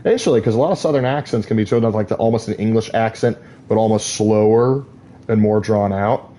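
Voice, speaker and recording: A man's voice: on the low side, brisk, dark tone. A man casually commentating on his gameplay, rambling through opinionated asides full of "like.". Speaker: gaming streamer.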